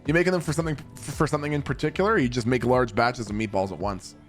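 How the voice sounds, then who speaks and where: This young man streams a game and talks loosely with viewers, swearing and laughing a lot against game music. His mid-range voice races along.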